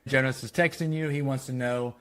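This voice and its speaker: Guy quoting a chill dismissive husband, quick offhand lines, mid voice. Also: mid-range voice, steady tone, fairly bright tone, lightly acted. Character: laid-back, dismissive husband.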